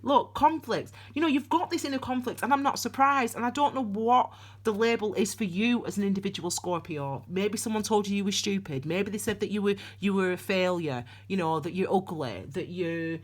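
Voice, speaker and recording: A tarot reader with a medium-pitched voice gives a casual, rambling reading at normal speed. She is chatty, with frequent restarts and voiced asides.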